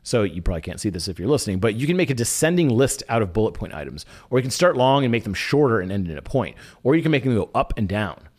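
A man hosting a weekly email show, chatting casually and upbeat with quick asides as he walks through a screen share. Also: medium pitch, a little mellow.

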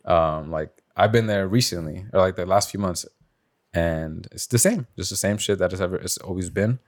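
A young man with a notably low, deep voice chats loosely on a podcast. He rambles through his stories with plenty of fillers, restarts and swearing. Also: moderate pace. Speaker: podcast host. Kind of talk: casual chat.

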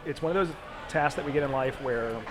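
A man's voice: mid-range voice, a little fast, background noise. Blunt, sarcastic man talking shop. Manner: blunt, sarcastic, swears freely. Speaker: pilot and former medic. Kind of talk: casual podcast chat.

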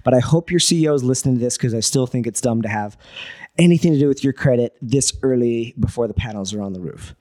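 Here a man with a mid-range voice, an entrepreneur appearing as a guest, tells a casual story at a quick clip. Animated and cursing, he acts out everyone's words as he goes.

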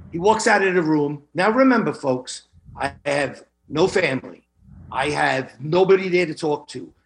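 A man's voice: fairly high pitch, creaky. A middle-aged man, a guest on an interview show, telling his own story earnestly and speaking straight to the listeners, often repeating words for emphasis. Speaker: guest recounting illness.

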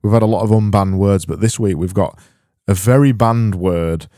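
A man hosts a solo comedy podcast in a low, mellow voice, rambling in a deadpan way and tripping over his own restarts. The sound is close and dry with no room in it. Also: normal speed, no echo. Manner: rambling, self-interrupting, deadpan. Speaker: podcast host.

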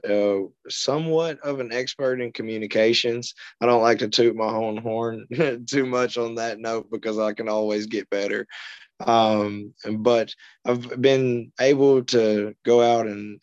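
This is a podcast guest from Arkansas, USA, a man with a lowish voice who tells stories in an easygoing, casual chat and chuckles between points. The sound is lo-fi, with no room sound.

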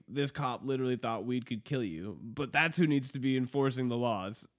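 A man hosting a podcast in casual chat, rambling, swearing freely and often laughing at his own stories. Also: medium pitch. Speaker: podcast host. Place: studio.

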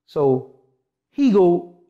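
A man's voice: high-pitched, very slow, muffled recording. A man in a casual interview, telling a long story and acting out the dialogue of the people in it. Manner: animated, acts out quoted dialogue in shifting voices. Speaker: interview guest.

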